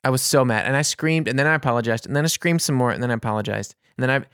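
A man telling a casual anecdote in an animated, exasperated way, with vivid asides. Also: mid-range voice, very fast, smooth, no echo, studio quality. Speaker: storyteller.

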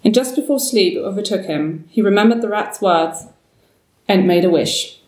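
A woman narrating a story aloud in a measured, steady way. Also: medium pitch. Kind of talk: storybook reading. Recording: roomy, distant mic.

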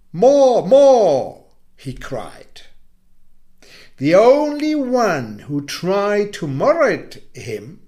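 A man reading a story dramatically, then speaking his own views, often dropping into a hushed whisper. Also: fairly high pitch. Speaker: storyteller and commentator.

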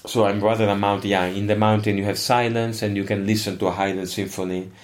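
An older man with an Italian accent, a non-native English speaker, answering interview questions in an expressive, emphatic and digressive way. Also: fairly low pitch, fairly quick. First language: not English. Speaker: musician guest.

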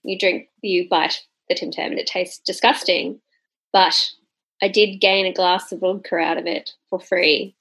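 A woman from Australia with an Australian accent, hosting a casual podcast chat in an animated, joking way. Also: fairly low pitch, unhurried, slightly rough. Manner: animated, jokey, laughs often. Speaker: podcast host.

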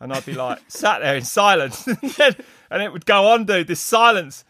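A middle-aged man, a race commentator, telling stories in casual chat, rambling and animated with many restarts. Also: high voice, moderate pace, no room sound, studio quality. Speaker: mountain bike race commentator. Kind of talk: casual podcast storytelling.

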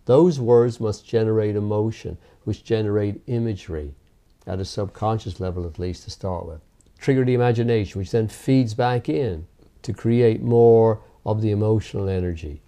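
A man who teaches hypnotherapy, explaining its methods in a measured, emphatic interview. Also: fairly low pitch, mellow.

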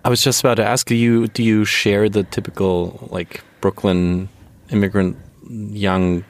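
Male interviewer, lowish voice, curious and probing. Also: flat delivery, unhurried. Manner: curious, probing follow-up questions. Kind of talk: interview questions.

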